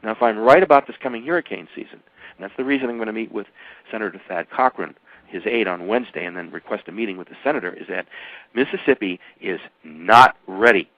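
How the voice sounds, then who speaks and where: A man's voice: lively intonation, quick pace, no echo. Emphatic older man on dry, dull radio. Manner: emphatic, rambling, with sudden jumps in pitch. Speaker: author and guest. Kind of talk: radio interview.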